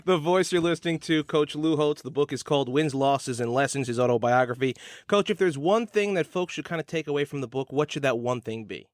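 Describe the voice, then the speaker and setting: A man's voice: on the high side, a little fast, no echo. A man hosting a radio interview, introducing his guest in a conversational tone. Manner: conversational, introduces the guest and reads the book plug. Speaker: radio show host.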